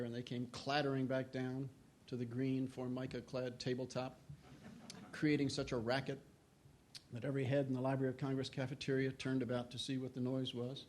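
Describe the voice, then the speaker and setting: An older man, a historian giving a humorous storytelling lecture who often clears his throat and acts out quoted voices. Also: mid-range voice, darkish tone, a little hiss or hum.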